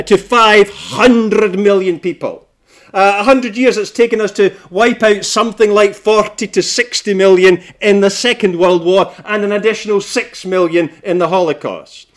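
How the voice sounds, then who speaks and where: A man preaching a sermon, swinging between loud emphasis and hushed, low passages.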